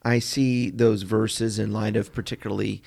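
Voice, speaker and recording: A low man with a gravelly, creaky voice co-hosts a Bible podcast. He talks thoughtfully and haltingly, often pausing to search for a word. The sound is close and dry. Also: little pitch movement, darkish tone, no room sound. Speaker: podcast co-host. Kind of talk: casual Bible discussion.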